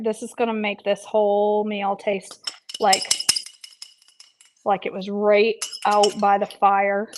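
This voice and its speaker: A woman's voice: mid-range voice, background noise. A woman health coach chatting playfully while she eats on a casual livestream, with self-deprecating jokes. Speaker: health coach and vlog host.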